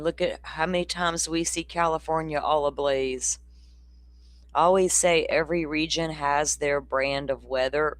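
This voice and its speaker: Medium-pitched and a bit bright, with no echo, this voice comes from a true-crime livestream host fighting off hiccups. They chat loosely and informally, rambling over viewer comments and letting a casual swear slip.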